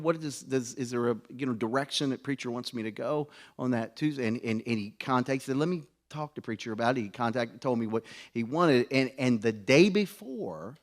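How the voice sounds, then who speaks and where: Folksy joking preacher man. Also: medium pitch. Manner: folksy, joking, stumbling restarts. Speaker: pastor. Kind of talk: conference sermon.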